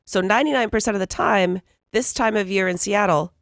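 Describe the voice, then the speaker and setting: A woman co-hosting a radio morning show, chatting in a calm, matter-of-fact way on a studio microphone. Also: mid-range voice, brisk, dry recording. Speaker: radio co-host. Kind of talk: casual on-air banter.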